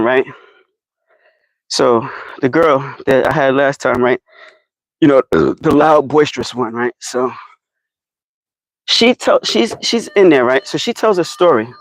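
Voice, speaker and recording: A man's voice: mid-range voice, dry recording, rough recording. A man from New Jersey with a New Jersey accent, chatting casually and animatedly with viewers on a live stream. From New Jersey, United States. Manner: animated, chatty, addresses viewers directly, laughs often.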